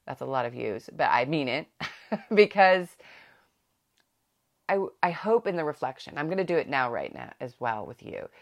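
Very low-voiced gravelly woman host. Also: sing-song, normal speed, long pauses. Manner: chatty, laughs often, many restarts. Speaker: podcast host. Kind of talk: reflective parenting podcast monologue.

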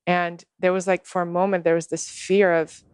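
Woman guest, low-ish voice, earnest unhurried storyteller, dry close sound. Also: level tone, a little mellow, clear, resonant tone, dry recording. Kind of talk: personal storytelling in conversation.

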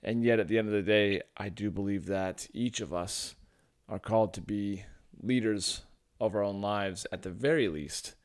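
A man hosting his own podcast in a low early-morning voice, thinking aloud in a casual, reflective way with lots of fillers and restarts. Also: normal speed, no room sound, studio quality. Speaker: podcast host and men's coach. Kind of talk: casual solo podcast monologue.

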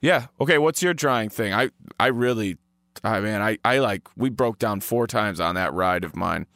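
A man's voice: on the low side, moderate pace, a bit bright, dry recording, clean studio sound. A man co-hosting a podcast in casual chat, rambling and playful with many fillers. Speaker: podcast co-host.

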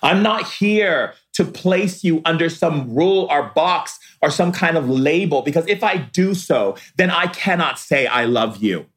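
A man giving a spiritual talk, preaching slowly and emphatically, drawing out his words and acting out the voices of people he quotes. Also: on the high side, expressive, fairly bright tone. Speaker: spiritual teacher.

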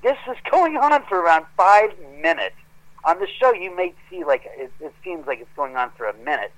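A man telling a story in a casual, animated way that grows heated as he goes. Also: high voice, moderate pace, poor audio. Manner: animated, gets heated retelling events. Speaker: guest homeowner telling a story.

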